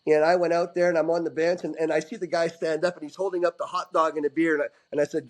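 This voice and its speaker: As a guest in a casual interview, a middle-aged ex-hockey player tells rowdy stories animatedly, restarting often and swearing casually. His voice is on the high side, and he talks fast with few pauses over a rough recording.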